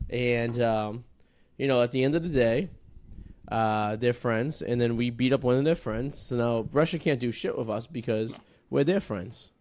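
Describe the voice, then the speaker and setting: A man's voice: medium pitch, normal speed, darkish tone. A man from the Boston area with a Boston accent, hosting a podcast in a crude, rambling casual chat full of swearing. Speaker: podcast host.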